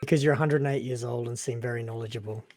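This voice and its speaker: A man's voice: medium pitch, fairly even intonation, rapid-fire, a little mellow, dry recording. A man playing in a tabletop game, chatty and often laughing, polite when in character, on a dry close mic. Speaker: player.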